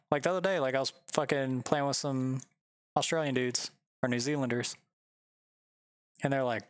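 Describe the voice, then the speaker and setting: A man's voice: medium pitch, fairly even intonation, moderate pace, long pauses, smooth, no echo. A man chatting casually while streaming a game from home, rambling and laid-back, swearing often.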